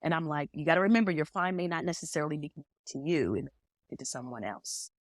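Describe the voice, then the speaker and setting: This medium, guesting on a podcast, is a woman with a low-pitched voice who speaks at a quick pace. She tells stories in conversation, animatedly acting out the quoted dialogue, and the studio-quality recording has no room sound.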